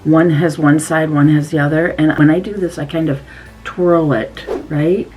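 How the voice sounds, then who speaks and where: Low-voiced woman chatting through makeup. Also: fairly even intonation, normal speed, vocal fry, darkish tone, soft background music, poor audio. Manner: chatty, demonstrating step by step. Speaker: beauty vlogger. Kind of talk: casual makeup tutorial.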